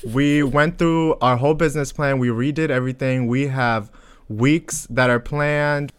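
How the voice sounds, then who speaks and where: A young man co-hosting a casual podcast, sassy and quick with a joke. He teases his co-host in a dry, deadpan way, at a middling pitch. He sounds like a friend riffing between bits. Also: smooth. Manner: sassy, joking, deadpan teasing. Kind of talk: casual chat.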